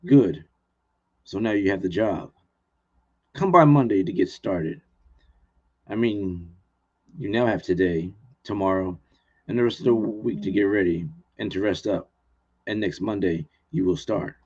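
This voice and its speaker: A man reading the part of a menacing, smooth-talking male tempter, insistent and pressing, on dull lo-fi stream audio. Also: low voice, unhurried, long pauses, a little mellow, voice pushed down. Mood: smug.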